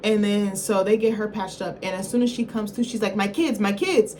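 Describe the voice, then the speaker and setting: A woman's voice: mid-range voice, fairly even intonation, brisk, darkish tone, a little hiss or hum. A woman reviewer giving a casual film recap in a rambling, slangy, profane way, often correcting herself mid-thought.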